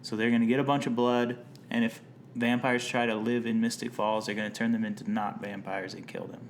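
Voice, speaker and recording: A man chatting on a casual podcast, recapping a show and cracking playful jokes. His voice sits at a middling pitch over a faint hiss of background noise. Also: little pitch movement, fairly quick, creaky. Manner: jokey, playful, summarizes from notes. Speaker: podcast co-host. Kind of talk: casual chat recapping an episode.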